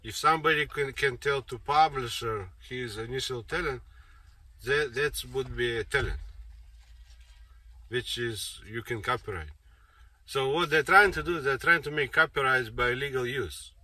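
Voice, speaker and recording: Insistent man with a sharp, bright voice. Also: medium pitch, moderate pace. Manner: insistent, repetitive, circling back over points. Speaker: speaker giving a monologue. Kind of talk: rambling monologue. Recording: distant mic with faint noise.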